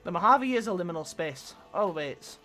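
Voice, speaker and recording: A woman's voice: on the low side, lively intonation, moderate pace, sharp tone, faint music behind. A woman streaming a game with casual, crude, joking commentary and frequent sighs.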